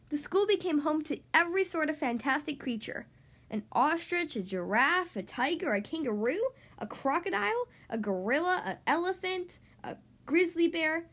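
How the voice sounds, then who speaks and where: A woman reads a children's storybook aloud, her high voice swooping through a lively, sing-song melody. She tells the tale with playful, animated emphasis.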